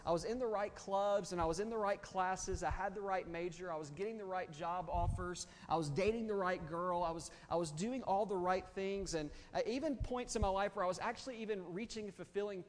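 A man tells a story from the pulpit, candid and ready to laugh at himself. His voice sits fairly high for a man. The long reverb of a large hall trails after his words. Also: fairly quick, hardly any pauses, darkish tone. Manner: candid, self-deprecating, conversational. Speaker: preacher. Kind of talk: storytelling sermon. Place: church or auditorium.

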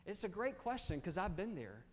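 A man's voice: sits high, sing-song, normal speed, slight background noise. A man, preaching a sermon in a candid, self-deprecating, conversational way. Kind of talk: storytelling sermon. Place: church or auditorium. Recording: reverberant hall.

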